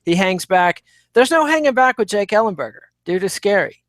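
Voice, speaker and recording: A man co-hosting a podcast. He talks in a measured, wry, analytical way. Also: high voice, animated, a bit bright, no room sound. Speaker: podcast co-host. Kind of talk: casual chat.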